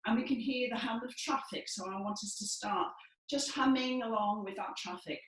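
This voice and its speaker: A woman, possibly from Wales, leading a guided breathing and vocal warm-up in a lively, encouraging, playful way. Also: on the high side, normal speed, far from the mic. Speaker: dance and movement leader. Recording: echoey room from afar.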